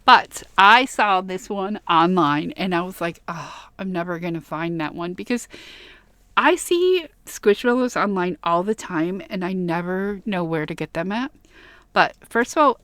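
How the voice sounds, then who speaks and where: Woman vlogger, casual gushing chat, mid pitch, slightly worn voice, dry room. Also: a bit bright, no echo. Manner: gushing, chatty, giggly asides. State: voice getting worn. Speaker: vlogger showing a plush haul.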